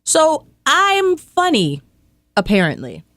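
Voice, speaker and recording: A young woman guest in a casual interview, telling stories in an animated, playful way with comic asides. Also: sits high, slow pace, no room sound, studio quality. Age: young adult. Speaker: podcast guest.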